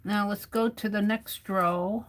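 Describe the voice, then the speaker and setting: An American woman runs a craft livestream, her voice medium in pitch, steady in tone and measured in pace. She chats to viewers and to herself while her hands stay busy, occasionally drifting away from the mic.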